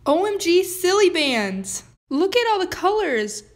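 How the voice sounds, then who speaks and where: Teen girl doing a high-voiced whiny little girl, lost in a store, slow and dramatic, school skit. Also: sing-song, exaggerated voice. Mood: excited. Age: late teens. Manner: dramatic, whining, self-pitying. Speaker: student actor. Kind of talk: amateur school video skit.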